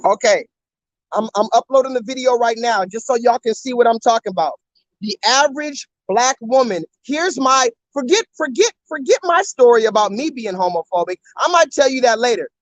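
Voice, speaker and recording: Animated man livestreaming to his chat. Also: very high-pitched, moderate pace, dry recording, rough recording. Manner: animated, repetitive, keeps urging viewers to comment. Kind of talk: live-stream commentary to chat viewers.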